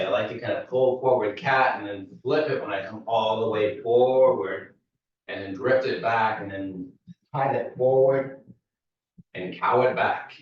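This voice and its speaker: Male fitness instructor, steady easygoing cues, mid pitch, distant dull room recording. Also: heavy reverb. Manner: steady cueing, easygoing asides. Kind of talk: guided mobility class cueing. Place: large echoey fitness studio.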